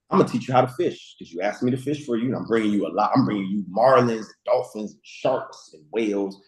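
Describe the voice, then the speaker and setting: Animated storytelling man, echoey room. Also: lowish voice, a little fast. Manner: storytelling with slang, acts out quotes. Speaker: guest speaker. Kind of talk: animated motivational talk.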